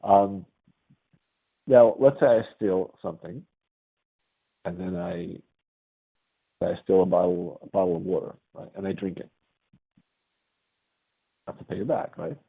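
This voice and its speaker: Give me a gravelly man teaching a class casually and quizzing his listeners, recorded with thin phone-line audio. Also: fairly low pitch. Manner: quizzes the class with frequent "right?". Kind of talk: conversational classroom lecture.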